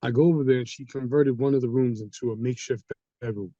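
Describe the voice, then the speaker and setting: Animated male storyteller, dark timbre, dry and slightly dull recording. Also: mid-range voice, fast talker, no room sound. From Haitian community. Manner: animated, acts out quoted people. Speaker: guest storyteller. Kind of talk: casual storytelling. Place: studio.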